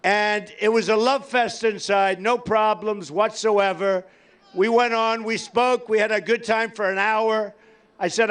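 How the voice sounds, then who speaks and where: An older man giving a campaign rally speech to a large crowd, boastful and rambling, repeating himself and sometimes shouting. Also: high-pitched, unhurried. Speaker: political candidate at a campaign rally. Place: large rally venue before a cheering crowd.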